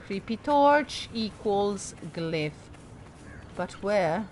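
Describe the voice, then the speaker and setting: A woman's voice: medium pitch, expressive, very slow, a little mellow, a little hiss or hum. A woman hosting a let's play, chatting through her gameplay in a self-mocking way and talking to the game characters. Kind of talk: casual gameplay commentary.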